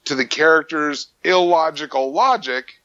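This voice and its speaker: A man, a voice actor, chatting casually on a podcast, animated and playful, slipping into mock anger and quick voices. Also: on the high side, muffled recording. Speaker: voice actor guest.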